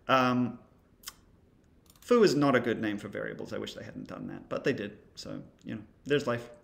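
A man's voice: on the low side, moderate pace, gravelly. A man teaching creative coding in a casual screen-recorded tutorial, thinking aloud as he demonstrates, with a wry, dry humor.

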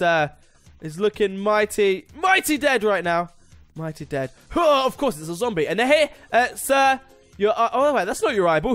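Excitable high-voiced young man. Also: no room sound. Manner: excitable, chatty, jokey, talks to the game and its maker. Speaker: gaming YouTuber. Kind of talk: casual gameplay commentary.

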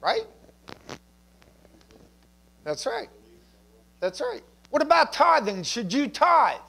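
A man's voice: very high voice, very animated, slow pace, creaky, pushed and bright, husky. A male pastor preaching a sermon in a church, conversational, with asides and jokes.

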